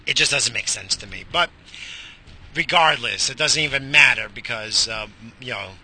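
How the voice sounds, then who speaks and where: A man's voice: mid-range voice, normal speed, sharp tone, slightly rough. A middle-aged man hosting an internet radio show, rambling alone in a goofy, profane, self-mocking way. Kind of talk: rambling solo monologue.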